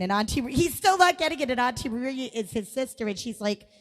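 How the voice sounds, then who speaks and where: A woman's voice: sits high, very animated, brisk. A woman co-hosting a live music show, telling a family story to viewers in a chatty way, acting out what people said. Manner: chatty, lots of 'like', acts out quoted voices. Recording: long reverb with music behind.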